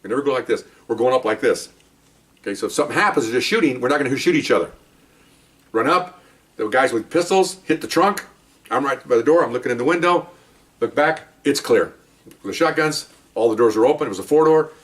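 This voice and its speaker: An older man, a retired police officer, telling a war story from the job in a casual, animated way, now and then barking commands as he acts them out. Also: medium pitch, brisk, distant mic.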